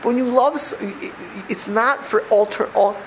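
An older man with a high voice teaches a religious class in a loose, chatty way. He circles back over his points and keeps asking rhetorical questions. A faint hum of the room sits behind him. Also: moderate pace, low-quality recording. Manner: conversational, rhetorical questions, repeats phrases. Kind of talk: Torah class lecture.

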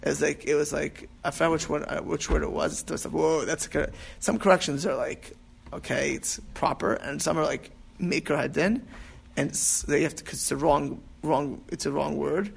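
A man's voice: a little high, steady tone, fairly quick, creaky, few pauses, breathy edge. A man teaching an informal class on prayer, rambling and restarting with emphatic asides. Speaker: rabbi teaching about prayer.

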